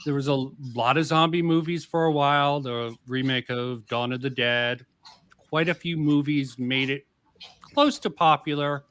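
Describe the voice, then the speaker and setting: Bright-toned man in a casual chat. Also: medium pitch, normal speed, clear, resonant tone, no echo. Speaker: guest. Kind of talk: casual discussion.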